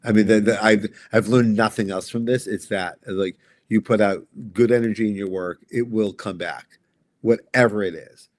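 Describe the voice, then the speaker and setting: Low halting man, dry studio sound. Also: fairly even intonation, no room sound. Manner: halting, restarts often, reflective. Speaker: guest comic writer. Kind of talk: casual podcast conversation.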